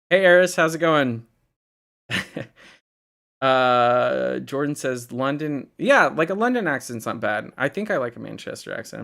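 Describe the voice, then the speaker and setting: A man's voice: mid-range voice, gravelly, a bit bright. A young man from the United States, chatting casually on a live stream, answering chat comments and rambling with lots of fillers and laughs.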